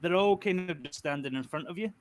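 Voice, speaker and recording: A man's voice: a little high, quick pace, a little hiss or hum. A man running a tabletop game as game master, in an easygoing, laid-back way.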